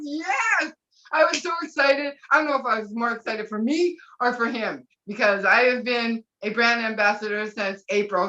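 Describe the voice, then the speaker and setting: A woman speaking as a brand ambassador at a live webinar, gushing and excitable, with sudden whoops of delight. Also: medium pitch, dull audio.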